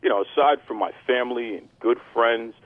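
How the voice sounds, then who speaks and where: A man's voice: medium pitch, brisk, no room sound. Male podcast host, hype announcer energy, tinny phone-quality audio. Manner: hype-man announcer delivery. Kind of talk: casual wrestling podcast banter.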